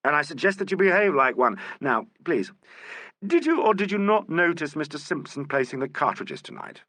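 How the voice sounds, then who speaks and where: Guy doing a smooth polite detective, bit teasing, lively up and down, audiobook. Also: on the high side, moderate pace, no room sound, pitched above the performer's own voice, exaggerated voice. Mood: questioning. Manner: courteous, urbane, gently ironic. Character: suave, polite male police inspector. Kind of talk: audiobook character voice.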